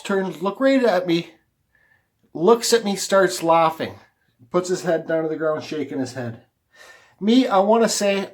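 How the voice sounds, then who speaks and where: Higher-voiced man telling a story. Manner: rambling, conversational, repeats words while telling a story. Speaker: woodcarving vlogger. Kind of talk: casual talk to camera, personal storytelling.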